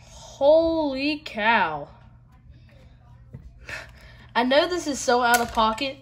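A woman's voice: sits high, fairly quick, fairly bright tone, a little hiss or hum. A woman with a Southern US accent chatting casually to viewers while she opens card packs, with lots of fillers. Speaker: card-opening vlogger. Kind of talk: casual pack-opening chat.

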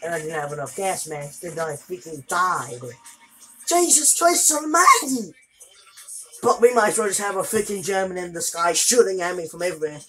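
A woman doing let's play commentary, exasperated and swearing, with loud outbursts. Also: lowish voice, fast talker, hardly any pauses, over loud music, poor audio. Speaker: gameplay video creator.

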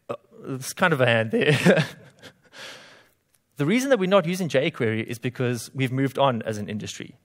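A man's voice: mid-range voice, expressive, moderate pace. A man with a South African accent giving a conference talk to a room of developers, with dry, self-deprecating jokes. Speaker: conference speaker.

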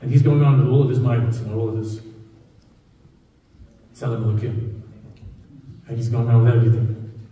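A man's voice: mid-range voice, fairly even intonation, moderate pace, pauses often, dull audio, slight background noise. A man giving a sermon as a rabbi, telling stories conversationally and repeating key phrases for emphasis. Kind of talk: sermon to a live audience. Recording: echoey hall, distant mic.

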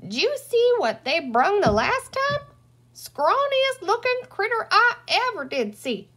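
A woman's voice: very high-pitched, sing-song, takes it slowly, a bit bright, pitched above the performer's own voice, exaggerated voice. A woman voicing a dry, withered little old green woman who cackles and speaks in a folksy cowboy drawl. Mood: gossipy gleeful.

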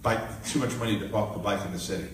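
A male minister preaching a live sermon and telling a personal story with lively, animated delivery. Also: fairly low pitch, fast. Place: live church gathering. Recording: echoey room, mic at a distance, faint noise.

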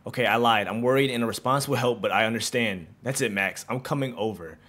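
A young man casually commentating on a video game, excitable and slangy, reading in-game texts aloud. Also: medium pitch, fast. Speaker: gaming streamer. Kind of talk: casual let's-play commentary.

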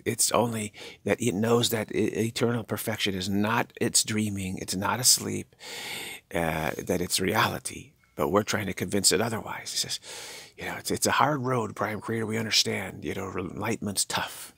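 An older man giving a spiritual talk, halting and musing, repeating himself as he searches for words. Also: lowish voice, creaky, fairly bright tone, breathy edge, no room sound. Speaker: spiritual teacher. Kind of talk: spiritual monologue.

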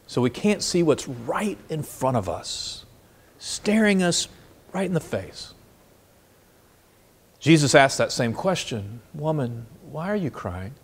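A man preaching a sermon as pastor, asking listeners questions and moving between quiet and animated delivery. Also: on the high side. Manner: expressive, swings between soft and animated.

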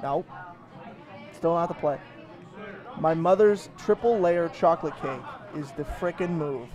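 A man's voice: on the high side, measured pace, a little mellow, some chatter behind. A young man hosting a casual interview, joking and teasing his guests. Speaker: host.

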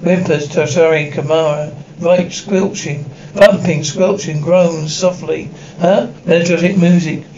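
A man reading a script aloud, sound cues included, in a flat, halting way that trips over words. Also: fairly high pitch. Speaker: script reader. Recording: dull lo-fi audio with faint hiss.

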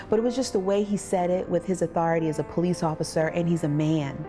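A woman's voice: lowish voice, fairly even intonation, fast talker, few pauses, warm tone. Woman recounting her past over music. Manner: vivid storytelling, acts out quoted voices. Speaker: trafficking survivor telling her story. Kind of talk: personal testimony interview. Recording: music bed underneath.

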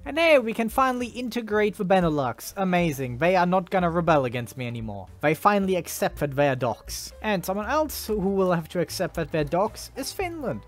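A man in his twenties from Germany, giving sarcastic, excitable commentary over a strategy game he is playing. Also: high-pitched, brisk, few pauses, soft background music. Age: 20s. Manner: sarcastic, excitable, dramatic outbursts. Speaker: gaming YouTuber.

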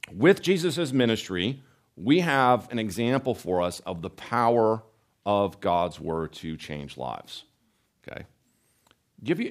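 A man teaching a Bible study in a conversational lecture, asking rhetorical questions and often checking in with "right?". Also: lowish voice. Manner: animated, asks rhetorical questions, adds "right?" tags.

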